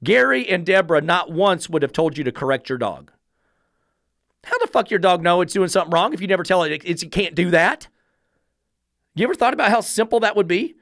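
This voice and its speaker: A man's voice: high-pitched, big pitch swings, brisk, fairly bright tone, no room sound, clean studio sound. A man who trains dogs, giving an instructional monologue in a blunt, profane, emphatic style full of rhetorical questions. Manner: rhetorical, lecturing. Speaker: dog trainer.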